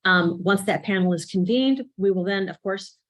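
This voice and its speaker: A woman's voice: medium pitch, normal speed, poor audio. A woman consultant presenting a community involvement program at a public meeting, explaining at length with frequent fillers.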